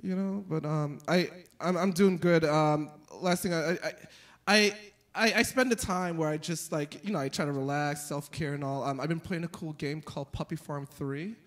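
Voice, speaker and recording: A young man performing a stand-up comedy set, telling stories with animated delivery and jumping into high squeaky voices for the characters. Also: normal speed. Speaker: stand-up comic.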